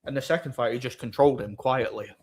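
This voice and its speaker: Streamer, middle-pitched voice, loose rambling chat replies. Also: male voice, quick pace, a little mellow, husky. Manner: rambling, answers chat comments aloud. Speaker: live streamer. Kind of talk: casual live-stream chat.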